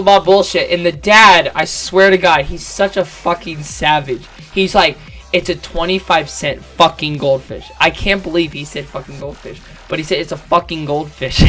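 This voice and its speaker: A man's voice: sits high, bright, forceful tone. A young man telling a rambling story about school, swearing a lot and restarting often. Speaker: vlogger. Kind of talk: casual storytelling.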